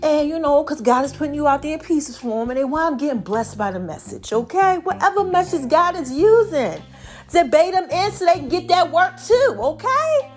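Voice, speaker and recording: Woman, high voice, slightly breathless, lively slangy preaching, faint music behind. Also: normal speed. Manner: lively, preachy, slangy, calls herself Mama. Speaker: podcast host. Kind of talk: casual inspirational monologue.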